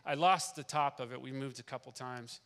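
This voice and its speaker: A man's voice: medium pitch, brisk, gravelly, a bit bright. A middle-aged man giving an emotional testimony in a church service, repeating phrases as he tells a family story. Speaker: guest speaker. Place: church sanctuary. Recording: long reverb of a large hall.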